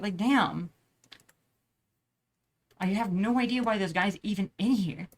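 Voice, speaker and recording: Speaking briskly at medium pitch, a young woman rambles through a personal story for her casual vlog. Swearing, slang, and filler words show up constantly.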